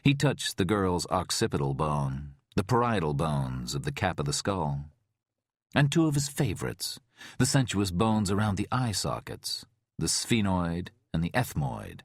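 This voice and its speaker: A man narrating an audiobook thriller in a slow, deliberate, tense way. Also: sits low, very animated, no room sound, clean studio sound.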